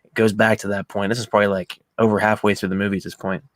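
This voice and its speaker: Fast-talking man recapping a film. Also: dry recording. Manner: retells scenes with excited, high-pitched quoted voices and swearing. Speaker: podcast host. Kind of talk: casual movie chat.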